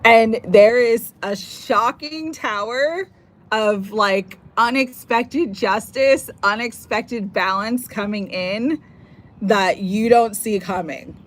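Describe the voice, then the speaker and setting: A woman's voice: fairly high pitch, slow. A woman giving a live-streamed tarot reading, effusive and emotional, at times close to tears. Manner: emotional, effusive, gets teary. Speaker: tarot reader.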